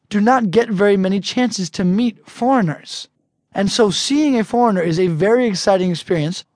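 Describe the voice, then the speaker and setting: An American man teaching an audio language lesson, chatty and relaxed, slowing down carefully to model each phrase. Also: high-pitched, no echo, studio quality. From United States.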